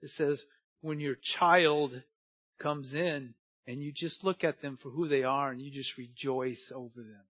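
A man preaching a sermon earnestly, moving between hushed and emphatic delivery, on a dull lo-fi recording. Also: medium pitch, fairly even intonation, a little slow.

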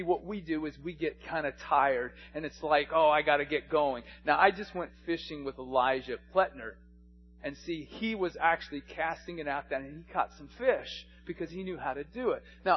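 A man's voice: a little high, dull audio, a little hiss or hum. Man preaching a storytelling sermon. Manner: storytelling, rising to impassioned pleading. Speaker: pastor.

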